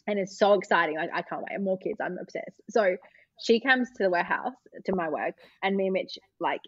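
A woman's voice: lowish voice, fairly quick, slightly rough, dry recording. A woman chatting as a podcast guest, telling stories with lots of laughter and casual swearing. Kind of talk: casual chat, storytelling. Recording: dull lo-fi dry sound.

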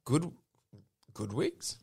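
A man's voice: medium pitch, wildly swooping pitch, very slow, gravelly, darkish tone, slightly rough. A man co-hosting a podcast, teasing and laughing in casual chat. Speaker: podcast co-host.

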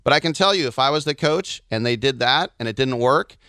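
Bright, crisp-voiced storytelling man. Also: medium pitch, fairly quick, dry recording, studio quality. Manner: animated storyteller doing silly voices. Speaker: podcast co-host. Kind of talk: casual chat.

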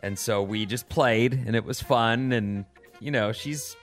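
A man's voice: medium pitch, unhurried. Middle-aged dude rambling through stories on a podcast, trips over his words a lot, faint music behind. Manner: rambling, animated storyteller with many restarts. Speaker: podcast co-host. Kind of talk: casual chat.

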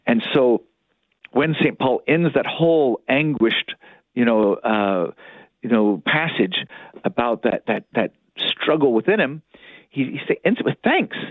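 A man's voice: medium pitch, sing-song, measured pace, dry recording, narrow, tinny audio. A man, a priest and spiritual director, talking earnestly on a Catholic radio show and acting out inner thoughts to make a point. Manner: earnest preaching, voices inner thoughts, repeats for emphasis.

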